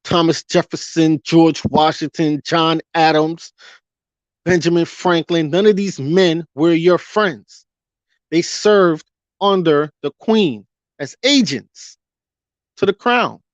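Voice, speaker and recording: A vlogger rants through a fiery commentary, firing rhetorical questions at viewers and drawing out words for emphasis. His slightly high voice moves slowly, with no echo, on dull, dry, lo-fi audio.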